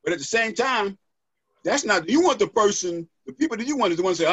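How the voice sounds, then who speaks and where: A middle-aged man with a high, husky voice gives an animated, preacherly pep talk as a podcast guest. He keeps tagging his points with "right?". The sound is dull and lo-fi with a dry, close feel. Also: quick pace, no echo. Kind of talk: motivational podcast conversation.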